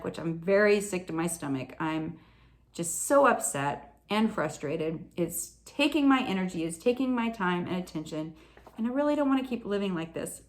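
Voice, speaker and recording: A woman's voice: lowish voice, lively intonation, normal speed. A woman telling a personal story in a casual, earnest, confessional way, often laughing at herself.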